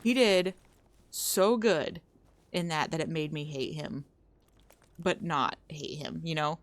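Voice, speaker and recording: A woman's voice: sits low, slow pace, dry recording. A young woman streamer chatting casually with viewers, rambling, breaking off mid-sentence and starting again. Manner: rambling, self-interrupting, trails off mid-sentence.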